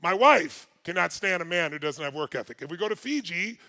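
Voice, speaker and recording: A man telling a personal story to an audience, lively and exclaiming at times, then dropping to quiet, earnest talk. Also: high voice, brisk.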